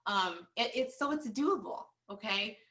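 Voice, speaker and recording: A woman's voice: mid-range voice, expressive, unhurried, pushed and bright, recorded from a distance, a little hiss or hum. A woman giving a motivational training talk to sales agents, earnest and repetitive, with many fillers. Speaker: team leader coaching sales agents.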